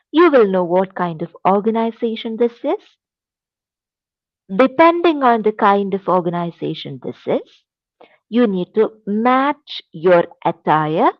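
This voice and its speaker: Woman teacher, Indian English accent, slow emphatic lecturing, dry close sound, slightly dull recording. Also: medium pitch, no room sound. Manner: slow, deliberate, emphatic instruction. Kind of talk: classroom lecture.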